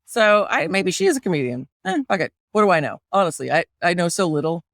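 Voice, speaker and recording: A woman hosting a podcast in casual, animated, jokey chat. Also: on the low side, quick pace, creaky, no room sound, clean studio sound. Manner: animated, jokey, slips into playful accents. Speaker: podcast host.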